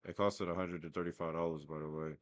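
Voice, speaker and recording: Deep-voiced young man ranting. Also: little pitch movement, fast, no echo. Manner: profane, rambling, self-mocking. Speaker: vlogger. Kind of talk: casual storytelling rant.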